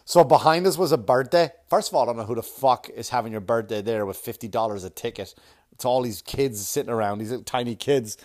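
A man's voice: medium pitch, fast talker, a little mellow. A man telling a rambling, profane, self-mocking story as a comedian hosting his own podcast. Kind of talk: casual storytelling monologue.

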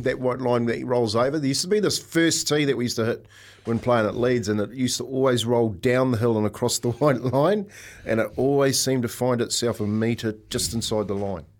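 A man co-hosting a radio show in a studio, telling golf anecdotes in casual chat and laughing often as he goes. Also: medium pitch. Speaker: radio co-host.

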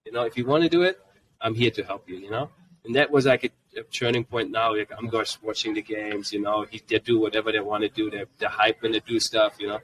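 A man's voice: lowish voice, fast, distant mic, a little hiss or hum, rough recording. German-accented guy in his 40s chatting on a podcast, acts out his kids' lines, sits a bit back from the mic. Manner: animated, jumps into quoted voices of his kids. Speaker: podcast guest. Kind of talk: casual storytelling. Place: convention podcast booth.

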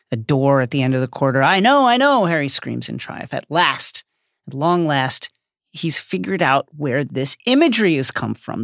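A man with a gravelly, fry-tinged voice co-hosts a book podcast. He retells the plot with lively energy and reads out quoted lines, all in a dry, close-miked sound. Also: medium pitch, dry recording. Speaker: podcast co-host. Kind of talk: podcast recap narrating a novel's plot.

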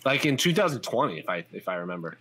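A man's voice: lowish voice, big pitch swings, fast talker, a bit bright. A man hosting a fight podcast, talking loosely with lots of fillers. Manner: conversational, loose, frequent "like" fillers. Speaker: podcast host. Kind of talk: casual chat.

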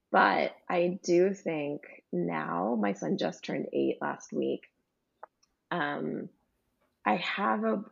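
A woman in her thirties, a podcast guest telling a personal story in a reflective, halting way with many fillers. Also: lowish voice, vocal fry, husky. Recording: dull lo-fi recording.

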